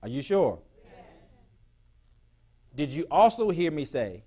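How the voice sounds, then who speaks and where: A male pastor preaching a sermon in a church, with call-and-response questions to the congregation, sometimes rising to shouts. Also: on the high side, very animated, takes it slowly, breathy edge. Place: church sanctuary.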